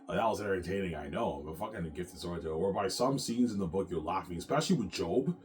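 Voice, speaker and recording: A man's voice: sits low, lively intonation, fast talker. A man casually rambling about his own novel, stumbling over repeated restarts and swearing freely as he boasts about it.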